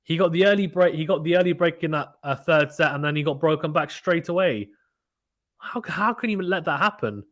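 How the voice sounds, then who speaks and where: A man hosting a live tennis watchalong stream, calling play-by-play with animated reactions and reading chat messages. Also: fairly high pitch. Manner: fast, animated play-by-play, reads chat aloud. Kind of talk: excited casual live commentary.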